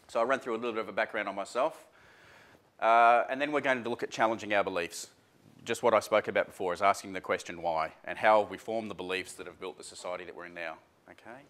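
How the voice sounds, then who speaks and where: A man with a fairly low voice runs a workshop in front of a live audience. He talks casually and informally, often filling pauses with "uh" and restarting his sentences. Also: fairly bright tone. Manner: chatty, informal, many fillers and restarts. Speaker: seminar presenter.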